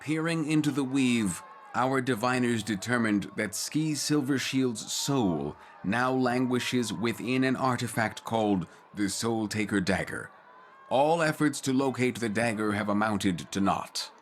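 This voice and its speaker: An actor playing a stern judge in a video game, speaking in a formal, measured way. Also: male voice, medium pitch, slight background noise, close to an everyday voice. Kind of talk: game voice acting.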